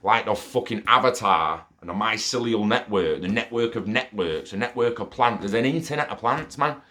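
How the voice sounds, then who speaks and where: A man's voice: on the low side, normal speed. A young man telling a rambling personal story in a casual monologue, swearing often. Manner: profane, rambling and excitable. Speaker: storyteller sharing an experience.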